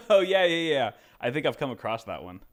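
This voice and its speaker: A man co-hosting a podcast in casual, animated, rambling chat. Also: on the high side, brisk. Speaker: podcast co-host.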